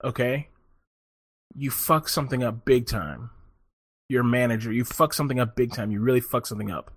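A man telling a long story in a profane, animated way, often laughing as he talks in casual chat. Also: mid-range voice, brisk, breathy edge, dry recording, clean studio sound.

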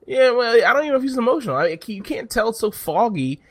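A man's voice: very high voice, fast, husky, no echo, studio quality. A man telling a story in casual chat, rambling and cursing freely as he goes. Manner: profane, rambling, animated storytelling.

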